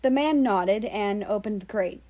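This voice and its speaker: A woman reading a fan-fiction story aloud as narrator, in a steady storytelling delivery. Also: mid-range voice, measured pace. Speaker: fan-fiction audiobook reader. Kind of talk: scripted narration.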